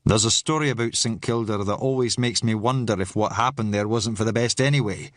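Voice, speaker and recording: A man narrating an audiobook and voicing a stern, disapproving retired police inspector in a lowered voice. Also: steady tone, a little fast, dry recording, studio quality, lightly acted.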